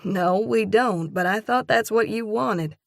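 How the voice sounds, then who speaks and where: A woman voicing the heroine of a romantic audiobook, a spirited young woman who answers in clipped, sharp retorts. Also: medium pitch, unhurried, gravelly, no room sound, studio quality, voice pushed up. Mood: defensive.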